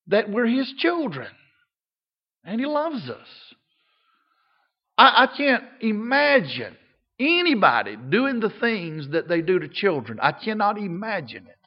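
An older male pastor with a high voice delivers a sermon at a slow, deliberate pace. He swings between loud, emphatic passages and hushed ones. The recording sounds slightly dull and lo-fi.

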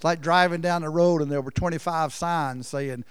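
A man preaching a sermon in a folksy storytelling way, swinging from loud emphasis down to near-whispers. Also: fairly high pitch, fairly even intonation, a little fast, few pauses, clear, resonant tone, no room sound, clean studio sound. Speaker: pastor.

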